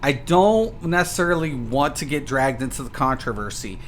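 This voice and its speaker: A man streaming a card game, swearing at it and swinging between loud outbursts and low mutters. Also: animated, moderate pace, slight background noise. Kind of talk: gameplay commentary.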